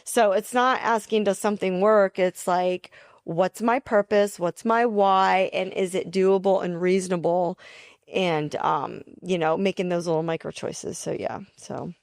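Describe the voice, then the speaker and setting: A woman co-hosting a podcast, chatty and animated, laughing easily between points. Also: lowish voice, unhurried, dry recording, clean studio sound. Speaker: podcast co-host, nurse. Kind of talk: casual podcast chat.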